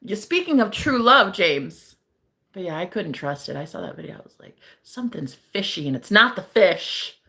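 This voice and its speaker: A woman's voice: lowish voice, big pitch swings, normal speed, creaky, sharp tone. A young woman hosting a casual livestream as a psychic reader. She chats with viewers, laughs often and swears casually.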